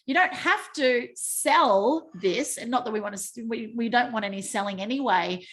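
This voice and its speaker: A woman hosts a team meeting over a video call. Her voice sits a touch high, and she talks in an effusive, bubbly way, laughing easily between points. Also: moderate pace, fairly bright tone. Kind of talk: casual video call presentation.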